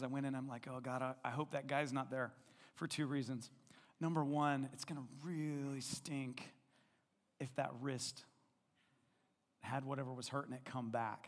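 A male pastor telling a personal story in a sermon, conversational and self-deprecating, acting out the dialogue as he goes. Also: mid-range voice. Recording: long reverb in a large hall.

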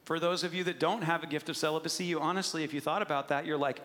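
A man preaching a sermon to a congregation in earnest, conversational tones that grow quiet and gentle in prayer. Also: fairly high pitch, quick pace, few pauses. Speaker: pastor. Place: church sanctuary. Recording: hall reverb.

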